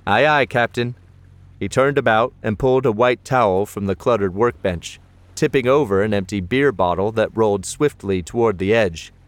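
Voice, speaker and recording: Male audiobook narrator, fairly low voice, close dry read. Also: dry recording. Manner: measured storytelling.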